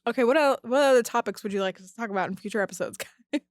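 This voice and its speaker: A woman's voice: mid-range voice, moderate pace, long pauses, dry recording, studio quality. A woman hosting a casual podcast, talking in a heated, profane, rambling way with lots of fillers. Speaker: podcast host. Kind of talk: casual ranting podcast talk.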